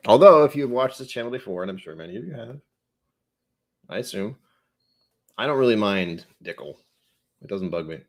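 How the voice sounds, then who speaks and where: A man's voice: on the low side, lively intonation, normal speed, pauses often. A man hosting a casual whiskey tasting livestream, thinking aloud and correcting himself as he goes.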